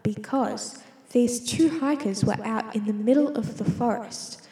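Unhurried and warm, a student's voice on the high side drifts through a playful monologue to herself, repeatedly interrupting her own thoughts. The room is echoey, leaving a long reverb tail.

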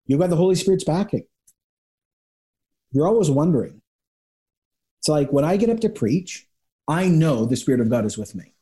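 A man speaks as a guest pastor on an interview podcast, with a mellow, warm tone. He tells lively stories, slipping into quick impressions of the people in them. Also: a little high. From Canada. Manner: animated storyteller, acts out quick voices of people. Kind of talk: conversational interview.

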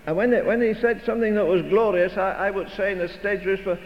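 A man's voice: high-pitched, steady tone, brisk. An older man preaching a sermon with emphatic, rhetorical, repeated phrases. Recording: dull recording in a reverberant hall, faint noise.

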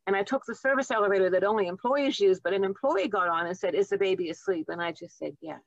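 A fast-talking, animated woman in her seventies with a medium-pitched voice appears as an interview guest. The nurse and author reflects warmly on her nursing life in stories, captured in lo-fi sound without room tone.

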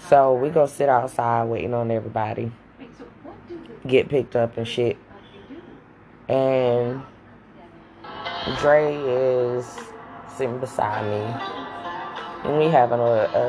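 Woman storyteller, unusually low voice, blunt and candid with casual swearing, music playing behind. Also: darkish tone.

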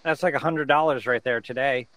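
A man's voice: medium pitch, brisk, crowd noise, low-quality recording. A man co-hosting a movie-riffing podcast, trading laid-back wisecracks. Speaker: podcast co-host. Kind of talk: riffing on a movie, casual chat.

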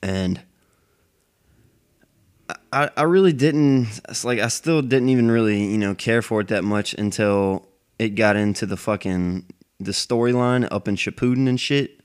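A man's voice: on the low side, a little slow, clean tone. A man rambling in a casual monologue, cursing heavily as he goes. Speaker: anime fan vlogger.

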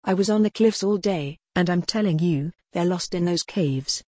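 A woman's voice: on the low side, normal speed, warm tone, no room sound, studio quality, lightly acted. A woman voicing a suspicious, grumbling adult man in a storybook, defensive and muttering.

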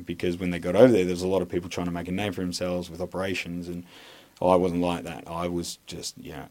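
A deep-voiced Australian man with a low register tells his army stories in a loose, rambling way. He swears freely and circles back on himself with "um"s and false starts, blunt in his opinions as an interview guest. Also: completely flat delivery, fast talker, darkish tone. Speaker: podcast guest, former army instructor. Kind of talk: casual interview storytelling.

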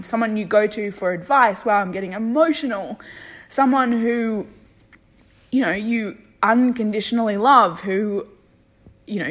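A young woman talking candidly in a reflective personal vlog, thinking aloud and swearing freely. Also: medium pitch. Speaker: vlogger.

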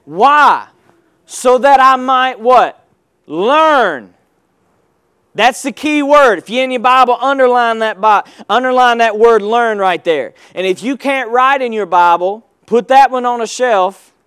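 A man with a high voice preaches in call-and-response style. His emphasis rises and falls as he urges the congregation to answer. The sound is dry, with no room echo. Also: expressive, measured pace, fairly bright tone, clean tone. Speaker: pastor. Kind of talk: sermon.

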